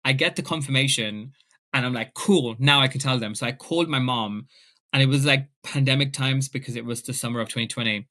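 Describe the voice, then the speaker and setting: A young man, an author appearing as a guest, tells a story during a casual chat, animatedly acting out his family members in quoted voices. His mid-range voice runs a little fast.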